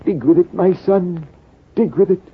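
A man's voice: high voice, normal speed, a little hiss or hum, pitched above the performer's own voice, lightly acted. A man voicing a wounded old stranger who speaks solemnly and calls the hero his son, in 1940s radio acting. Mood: pleading. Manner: solemn, fatherly pleading. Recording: tinny, lo-fi old radio broadcast.

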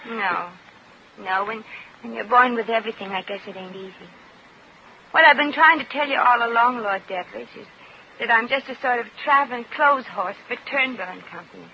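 A woman's voice: a little high, a little fast, pushed and bright. A woman playing a brash American shop girl in a 1940s radio drama, talking in slang with wisecracks. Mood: wistful. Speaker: lead actress. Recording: muffled old radio recording with hiss.

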